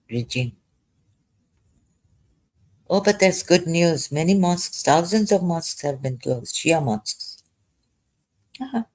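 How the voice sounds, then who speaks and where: A vlogger in their fifties, rambling and tearful, breaking off with fillers and apologies. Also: medium pitch. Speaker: video blogger. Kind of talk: rambling emotional commentary.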